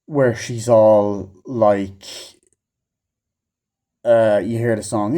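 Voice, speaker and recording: A man's voice: lowish voice, fairly even intonation, slow pace, dark tone. A man giving a casual, rambling movie review, swearing often and mimicking characters in mocking voices. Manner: rambling, profane, acts out scenes in mocking voices.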